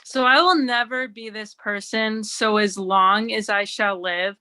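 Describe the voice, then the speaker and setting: A woman's voice: mid-range voice, fairly even intonation, a little slow, pushed and bright. A woman performing a wry, chatty stand-up set at an online open mic, full of "like"s. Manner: wry, chatty delivery with many "like"s. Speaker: stand-up comedian. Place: remote open mic over video stream.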